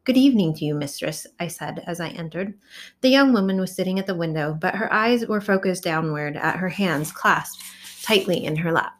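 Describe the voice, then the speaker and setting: A woman narrating a novel in the first person, reading in a measured, expressive way. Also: lowish voice. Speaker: audiobook narrator.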